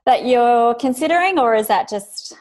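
A woman's voice: fairly high pitch, expressive, darkish tone. A woman co-hosting a casual interview, who asks questions and reacts with encouragement. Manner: friendly and encouraging, quick to react. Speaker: podcast co-host.

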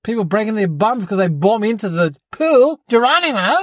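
Cheeky young boy as an adult voices him, fibbing braggart, rambling comedy monologue, mid-pitched, dry sound. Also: big pitch swings, normal speed, dry recording. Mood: boastful. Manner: rambling, fibbing, says "mate" and "and stuff". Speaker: podcast host.

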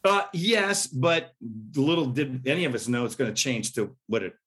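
Animated middle-aged man telling stories. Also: mid-range voice, normal speed. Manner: animated storyteller, laughs and acts out quotes. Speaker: musician guest. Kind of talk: casual interview storytelling.

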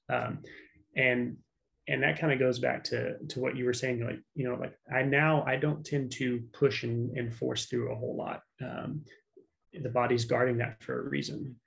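A man's voice: medium pitch, fairly even intonation, moderate pace, creaky, low-quality recording. A middle-aged man from South Louisiana, a manual therapist talking on a podcast in a reflective way, with many fillers and restarts. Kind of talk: casual podcast conversation.

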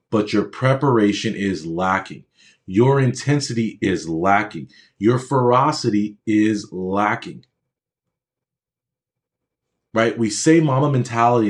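A man's voice: on the low side, moderate pace. A man giving a motivational speech to aspiring medical students, talking conversationally with personal stories and repeating phrases for emphasis. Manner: conversational, checks in with the audience.

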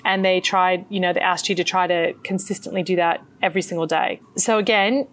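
A middle-aged woman with an Australian accent, a meditation teacher telling her story as an interview guest in an earnest, animated way. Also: on the low side, fairly quick.

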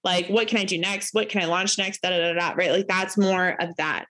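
A woman's voice: fairly even intonation, moderate pace, a bit bright. A woman in her thirties giving a casual spoken lesson as a course teacher, chatty, full of fillers and tag questions, acting out quoted voices. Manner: acts out quoted voices with rising pitch.

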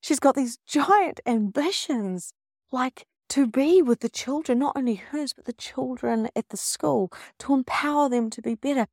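A middle-aged woman coach, talking in an emphatic, expressive way and acting out the people she quotes. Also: sits high, normal speed, vocal fry, hardly any pauses, no room sound, clean studio sound. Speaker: spiritual coach. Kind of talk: casual motivational monologue.

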